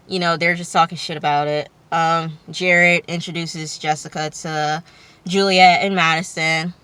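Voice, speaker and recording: A woman's voice: lowish voice, fairly bright tone. A woman recapping a TV episode for her vlog in a loose, slangy way, swearing freely and making chatty asides. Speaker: TV recap vlogger.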